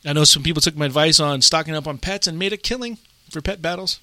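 Bright-voiced man hosting a chat. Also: fairly high pitch, quick pace, dry recording. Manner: rambling and self-amused, laughs often. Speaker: podcast host. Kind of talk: casual gaming podcast chat.

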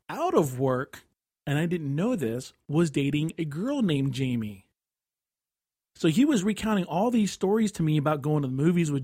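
A man co-hosting a podcast, telling anecdotes in a casual, animated way and often laughing mid-story. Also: fairly high pitch, slightly rough, dry recording, studio quality.

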